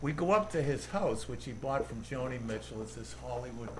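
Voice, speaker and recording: A man's voice: medium pitch, animated, fairly quick, noisy background. A man from Boston with a Boston accent, telling comedy-club stories in a rambling, profane way that is full of "you know" and "like.". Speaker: comedian guest. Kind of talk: casual chat, storytelling.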